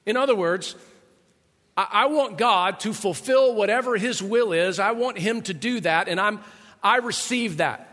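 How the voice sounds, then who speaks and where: Here a middle-aged pastor preaches in a conversational way, frequently asking his congregation rhetorical questions. His voice sits high with a sharp tone and runs a little slow. The sound has a long hall reverb.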